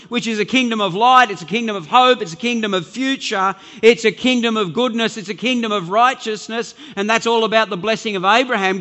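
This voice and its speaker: A man's voice: high voice, bright, forceful tone, big-room sound. A man preaching a sermon as pastor, earnest and emphatic, often repeating words as he builds his point.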